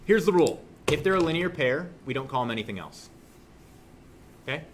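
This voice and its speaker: A young man teaching a math class, joking with students and suddenly yelling for effect, recorded in a classroom. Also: on the high side, a little fast, a little hiss or hum. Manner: joking, animated, shouts suddenly. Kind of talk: classroom lesson.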